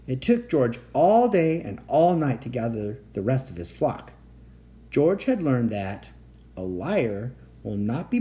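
A man reading a bedtime story aloud in a gentle, expressive way as the host of his own story show. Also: mid-range voice.

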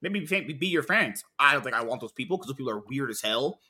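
A man co-hosting a casual podcast, animated and laughing often, quoting people in put-on voices. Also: mid-range voice, quick pace, slightly rough. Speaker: podcast co-host. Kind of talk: casual group chat.

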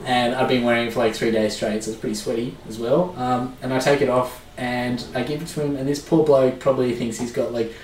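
A man's voice: medium pitch, flat delivery, fairly quick, few pauses, roomy sound, distant mic, slight background noise, rough recording. A man with an Australian accent, co-hosting and telling a casual story full of "like" and fillers. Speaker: podcast co-host. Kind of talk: casual chat.

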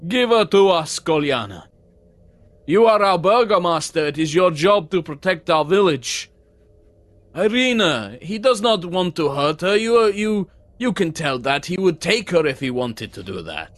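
A man's voice: sits high, lively intonation, a little slow, dry recording, pitched above the performer's own voice. A man voicing a well-dressed middle-aged village man who urgently demands that a girl be handed over. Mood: pleading. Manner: urgent, demanding, raised pleading voice.

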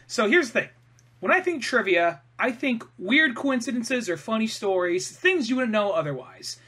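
A man's voice: high voice, big pitch swings, normal speed, pushed and bright, breathy edge. A man co-hosting a podcast, chatting casually with a lot of swearing and laughter. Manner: profane, laughing, ranting. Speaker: podcast co-host.

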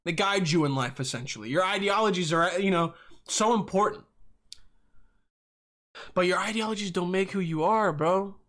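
A young man with a notably high voice hosts his own podcast, rambling and cursing as he rants. He swings from loud outbursts to calmer stretches, circling back over his points. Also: normal speed, pauses often. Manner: profane, rambling, yelling in bursts. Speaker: podcast host. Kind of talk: solo podcast rant.

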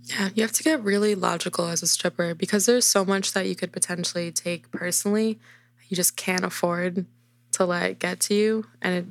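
A woman's voice: lowish voice, fairly even intonation, brisk. A woman guest talking candidly and thoughtfully about her work as a dancer, earnest and reflective. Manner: earnest, reflective, some restarts. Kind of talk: candid interview answers.

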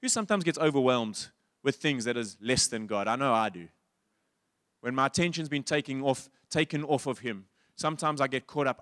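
A man preaching a sermon as a pastor, quoting writers and speaking with lively swings in pitch and loudness. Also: fairly quick, dry recording, studio quality. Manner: animated, rises high and loud when quoting.

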